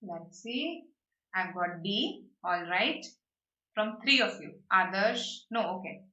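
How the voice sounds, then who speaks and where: A woman teaching vocabulary in a live online class, lively and explanatory, often checking in with "right?" and "okay". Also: mid-range voice, takes it slowly, roomy sound, far from the mic, dull audio. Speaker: online exam-prep teacher.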